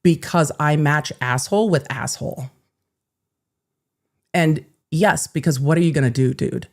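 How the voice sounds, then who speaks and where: A woman lawyer hosting a legal commentary show, telling a story in a sarcastic, animated, profane way. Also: deep voice, a little slow, vocal fry.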